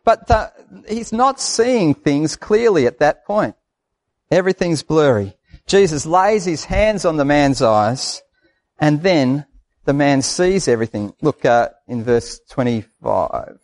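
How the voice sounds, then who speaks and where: A man's voice: on the high side, lively intonation, takes it slowly, a little mellow. An Australian man preaching a sermon in a conversational, folksy way, repeating phrases for emphasis.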